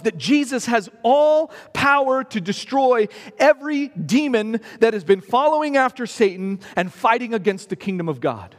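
A man's voice: high-pitched, sing-song, moderate pace. A man preaching a sermon in an emphatic way, repeating phrases for stress. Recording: long reverb of a hall.

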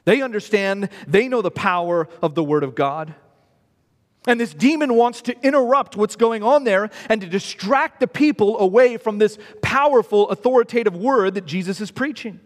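Lively high-voiced male preacher in a hall. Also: normal speed. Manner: emphatic, repeats phrases for stress. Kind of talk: sermon. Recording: long reverb of a hall.

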